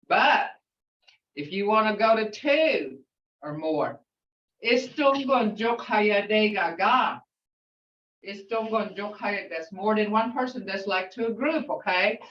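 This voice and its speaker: An older woman teaches a language class at an unhurried pace, repeating each sound patiently. Her voice comes from well back from the mic, in a roomy space, on a dull, lo-fi recording. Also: a little high, a bit bright, distant mic.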